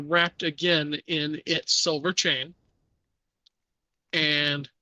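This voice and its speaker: A man narrating as game master of a tabletop horror game, measured with frequent fillers. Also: on the high side, sharp tone, dry recording.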